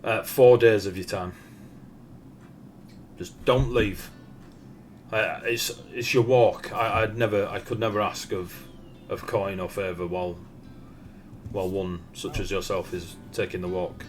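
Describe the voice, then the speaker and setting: A man's voice: low-pitched, steady tone, a little slow, pauses often, a little hiss or hum. A man playing a flustered eager blacksmith. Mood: earnest. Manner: stammering, flustered, overly formal. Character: awkward eager male village blacksmith.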